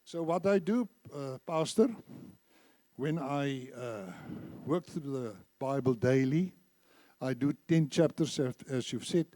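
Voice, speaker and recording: A man's voice: medium pitch, slow pace, mellow, no echo. A man preaching a sermon in a church, emphatic, repeating phrases and leading the congregation in reciting scripture. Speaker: church speaker.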